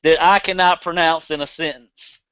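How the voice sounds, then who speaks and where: A man's voice: a little high, fairly even intonation, moderate pace, sharp tone, clear, resonant tone, no echo, dull audio. A man with a Southern accent hosting a casual podcast, blunt and profane, laughing easily. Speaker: podcast host.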